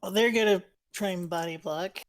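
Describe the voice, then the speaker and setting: A woman acting as game master, calmly narrating enemy moves in a live-streamed tabletop game. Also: mid-range voice, moderate pace. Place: home streaming setup.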